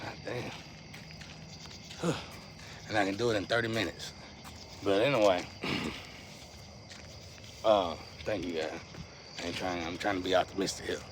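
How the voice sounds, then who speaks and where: A man's voice: low-pitched, unhurried, pauses often, noisy background. A man giving a casual, rambling monologue to his viewers in loose slang. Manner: rambling, slangy, restless swings in loudness. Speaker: vlogger.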